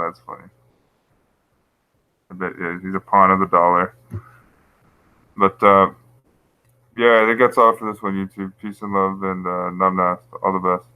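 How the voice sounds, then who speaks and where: A man's voice: sits low, pushed and bright, clear, resonant tone, no echo, rough recording. A man hosting a casual livestream, rambling through conspiracy commentary with frequent chuckles while reading his chat. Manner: rambling, conspiratorial, laughs at his own points. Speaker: YouTube channel host.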